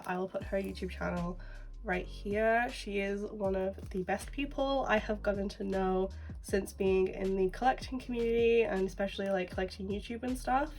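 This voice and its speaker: A woman with a cold, sounding stuffed-up and nasal, talking in a chatty, rambling way. She is a little away from the mic, with soft music underneath. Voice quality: nasal, deeper than usual. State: has a cold, blocked nose. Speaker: collecting vlogger. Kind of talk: casual vlog narration. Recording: distant mic with faint background music.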